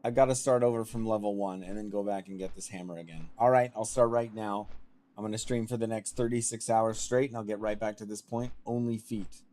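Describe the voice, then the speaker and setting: A man's voice: on the low side, steady tone, fairly quick, dark tone. A man livestreaming a game, chatting casually with viewers in a self-deprecating, laughing way, wearing headphones at a desk mic. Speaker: streamer.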